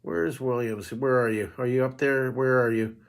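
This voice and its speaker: A man's voice: mid-range voice, level tone, moderate pace. Chatty middle-aged male drawing teacher. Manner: chatty, rambling, with frequent restarts; friendly, talks straight to viewers. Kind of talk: live-stream chat with viewers.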